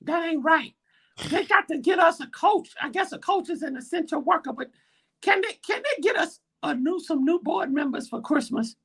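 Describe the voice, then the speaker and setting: A woman's voice: extremely high pitch, lively intonation, moderate pace, gravelly, a bit bright, heavily acted. A woman doing a pleading little boy. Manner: pleading, rambling. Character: whiny little boy football fan. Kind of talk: comedy skit.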